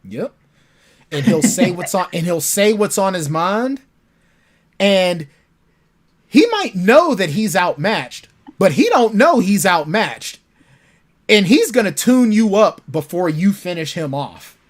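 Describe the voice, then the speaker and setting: A man, an author guest in a casual interview, telling lively stories about his characters. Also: high-pitched, takes it slowly. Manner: animated storytelling, acts out his characters.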